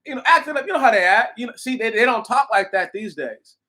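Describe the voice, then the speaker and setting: High-voiced man ranting on a livestream. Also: fairly quick, sharp tone. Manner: emphatic, repetitive, lots of restarts and rhetorical questions. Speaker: livestream host. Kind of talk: casual livestream rant.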